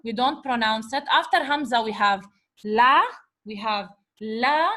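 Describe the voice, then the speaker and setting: A woman teacher with a high, bright voice leads a recorded revision lesson. She takes her time, sounds words out syllable by syllable, and keeps asking whether the class is following. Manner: slow, patient syllable-by-syllable decoding; switches between English and Arabic words. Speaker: Arabic teacher.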